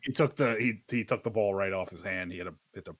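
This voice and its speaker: A man's voice: low-pitched, fast talker, dry recording. A man co-hosting a casual podcast, teasing and wry while chatting about sports. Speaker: podcast co-host. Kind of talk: casual chat.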